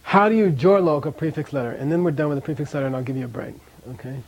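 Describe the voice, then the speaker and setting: A man's voice: fairly high pitch, expressive, racing, darkish tone, muffled recording. A man teaching a language class in a classroom, chatty, often checking in with "okay?" and drilling pronunciation.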